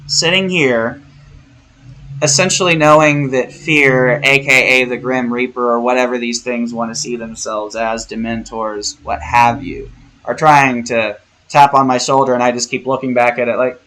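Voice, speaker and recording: A man's voice: medium pitch, flat delivery, normal speed, a bit bright, rough recording. A man delivering a casual spiritual monologue, rambling and theatrical, with profane jokes. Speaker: vlogger.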